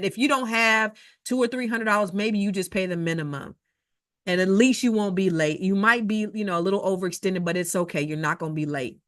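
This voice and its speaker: A woman talks through real estate advice in a chatty, emphatic way, stacking up repeated phrases and quick asides as she tells stories from her own deals. Her voice sits at an ordinary middle pitch. The sound is dry and close, with no room echo. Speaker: real estate investor advising viewers. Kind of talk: advice talk with personal anecdotes.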